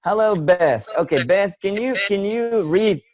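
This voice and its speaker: An encouraging male English teacher hosts an online class in a high, expressive voice, speaking unhurriedly over background noise. He repeats words while searching for them.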